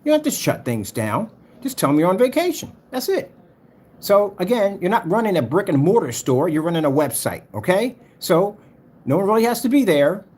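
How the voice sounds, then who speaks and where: A man's voice: high voice, big pitch swings, fairly quick, a little mellow, slightly rough. A man hosting a livestream, ranting in a heated, mocking way and talking straight to his chat. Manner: heated, mocking, repetitive, talks to chat directly. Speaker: livestream host.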